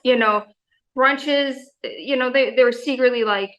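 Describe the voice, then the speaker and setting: A woman's voice: fairly high pitch, a little slow, fairly bright tone, poor audio. A woman in her forties, a gym member talking in a casual interview, enthusiastic and rambling, full of fillers and quoted asides.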